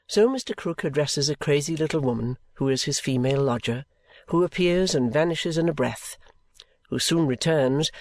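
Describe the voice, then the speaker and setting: A man reads a novel aloud in a measured, even storytelling voice. His pitch sits in a plain middle range. The recording is dry and close, with no room sound. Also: dry recording. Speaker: audiobook narrator. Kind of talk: scripted narration.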